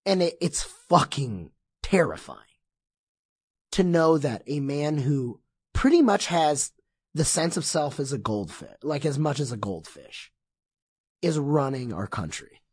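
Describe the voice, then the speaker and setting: A man talking as a podcast guest in casual chat, impassioned and excitable, swearing often. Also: fairly high pitch, measured pace, husky, no echo, studio quality.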